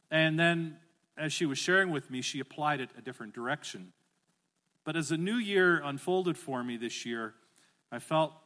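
With a mid-range voice, a middle-aged man preaches as pastor, animated and climbing toward emphatic calls. He prompts the congregation to say phrases back to him.

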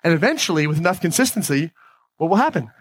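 A man's voice: fairly high pitch, sing-song, fast talker. A man giving a motivational talk on stage, emphatic, repeating key phrases and asking the audience questions. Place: stage before a live audience.

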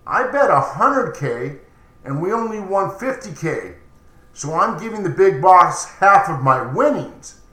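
A man's voice: high voice, very animated, unhurried, a bit bright, full character voice. A man voicing a frustrated male gambler who protests that things are unfair. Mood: indignant. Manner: protesting, whiny. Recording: roomy echoey recording.

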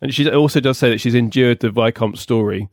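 A man co-hosts a podcast in a casual, joking way, recapping a novel with easy laughter. His voice sits at a middling pitch and sounds close and dry, with no room around it. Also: a little fast, a little mellow, no room sound. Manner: playful, laughs often, summarises the plot. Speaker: podcast co-host. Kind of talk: casual book-club chat.

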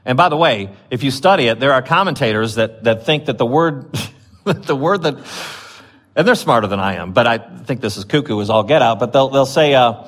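Chatty male preacher, mid-pitched voice. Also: animated, moderate pace, a bit bright. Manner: chatty, with many fillers and restarts, rising when reading scripture. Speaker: pastor. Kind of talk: conversational sermon.

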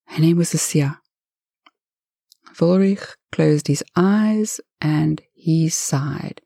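A woman narrates a story with a low, dark and husky voice. Her telling is lively and dramatic, recorded close and dry. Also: very slow, dry recording.

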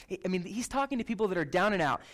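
Male pastor, high bright voice, loose chatty sermon delivery, keeps checking in with the room. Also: rapid-fire. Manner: animated, chatty, lots of "like" and "right?" tags. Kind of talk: casual conversational sermon.

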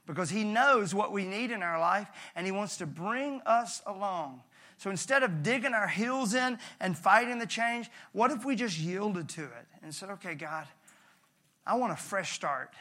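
A male pastor preaching with a high, bright voice. His delivery is conversational and animated, with casual asides to the congregation. The tone stays forceful and clear throughout. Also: normal speed. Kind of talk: sermon.

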